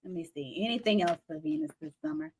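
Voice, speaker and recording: A woman's voice: medium pitch, sing-song, gravelly, background noise. Blunt, laughing tarot reader woman. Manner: blunt, swears freely, laughs often, slows to stress advice. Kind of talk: casual tarot reading to camera.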